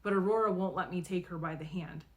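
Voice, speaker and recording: A woman narrating a novel in the first person, expressive and acting out the dialogue. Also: on the low side, fast. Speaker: audiobook reader.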